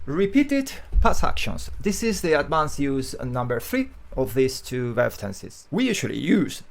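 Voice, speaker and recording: Animated male English teacher. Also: mid-range voice, moderate pace, vocal fry. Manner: animated, emphatic, repeats key phrases. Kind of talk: grammar lesson to camera.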